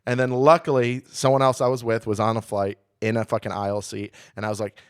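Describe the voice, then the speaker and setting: A man's voice: fairly low pitch, flat delivery, quick pace, clean tone, no echo, clean studio sound. A man co-hosting a comedy podcast, telling a long travel story in a casual, profane, self-deprecating way. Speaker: podcast co-host.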